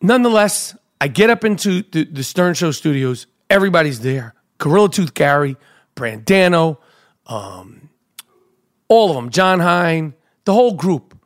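A man with a high, light voice tells a breathless story about running late, cursing constantly. He jumps into his own panicked shouts, then drops back to a low, confiding aside. Middle-aged and loud, he sounds like a radio show regular on a rant. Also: very animated, unhurried. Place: New York.

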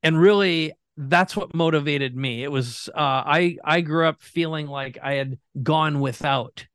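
A man's voice: a little high, measured pace, fairly bright tone, clear, resonant tone, no echo. Earnest storytelling man, dry sound. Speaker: guest entrepreneur. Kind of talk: conversational storytelling.

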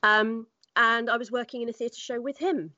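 A woman's voice: a little high, steady tone, normal speed, sharp tone, no echo. Lady voice actor chatting on a podcast, acts out the quotes, kinda dull dry mic. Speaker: guest voice actor. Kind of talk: casual podcast chat.

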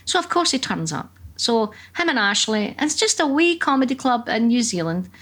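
A middle-aged woman with a Scottish accent, a comedian telling lively, profane anecdotes in casual conversation. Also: on the high side, a little fast. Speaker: comedian guest. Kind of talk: casual chat.

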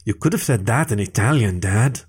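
A man's voice: fairly low pitch, lively intonation, moderate pace, slightly rough. A man voicing a short, glum young male otter who grumbles and answers sullenly in a read-aloud story.

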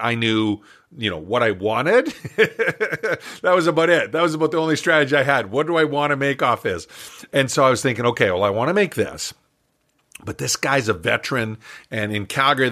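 An older man with a bright, forceful voice, recounting a business story as a podcast guest. He tells it with energy, putting on voices for the people in it and chuckling along the way. The pitch sits at a middling level for a man. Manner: animated storyteller who acts out dialogue, chuckling. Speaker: guest entrepreneur and business coach.

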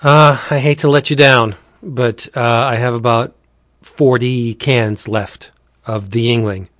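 A man's voice: mid-range voice, fairly even intonation, a little slow, fairly bright tone, dry recording, studio quality. A man from Pennsylvania co-hosting a casual podcast chat at home, jokey and prone to stumbling over his words. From Pennsylvania, USA. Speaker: podcast co-host. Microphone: home recording setup.

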